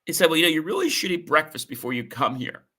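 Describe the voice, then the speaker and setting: Earnest husky man telling a painful story. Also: on the high side, sing-song, sharp tone. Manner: earnest, emotional, halting with fillers. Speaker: podcast host. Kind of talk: personal storytelling monologue.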